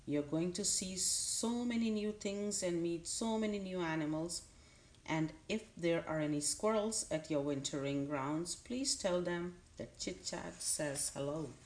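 A woman voicing a chatty, excitable male squirrel in a storybook reading. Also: lowish voice, a little slow, close to an everyday voice. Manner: lively, chattering. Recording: roomy echo.

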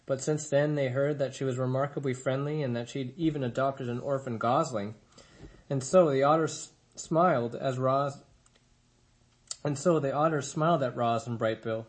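A man reads a children's novel aloud, steady and expressive. His voice sits in a plain middle register. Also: medium pitch, normal speed. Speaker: reader.

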